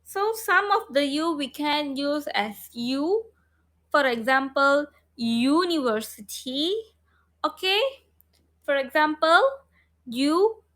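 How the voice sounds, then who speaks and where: Casting: female phonics teacher, online class, high bright voice, very slow, repetitive prompting. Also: animated. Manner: slow, repeats sounds and prompts students. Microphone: online class, video call.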